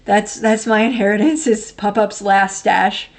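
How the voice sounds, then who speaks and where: A woman's voice: medium pitch, steady tone, a little slow. A woman in her thirties hosting a livestream, chatting casually and answering viewer comments in a rambling, blunt way with frequent laughter. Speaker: livestream host.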